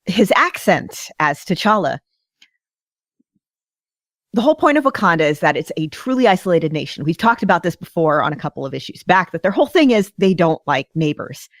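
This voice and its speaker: A woman co-hosting a fan podcast, chatting in an animated, enthusiastic way. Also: lowish voice, no room sound, studio quality. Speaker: podcast co-host. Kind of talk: casual podcast chat.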